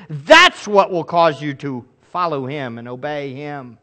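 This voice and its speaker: A man's voice: on the high side, lively intonation, measured pace, bright, forceful tone. A man in middle age, a pastor preaching a sermon in an earnest, emphatic way with pleading asides.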